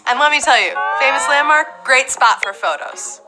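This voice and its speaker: A young woman hosting a live trivia game show, playful and chatty with quick asides. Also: high-pitched, lively intonation, music in the background, low-quality recording.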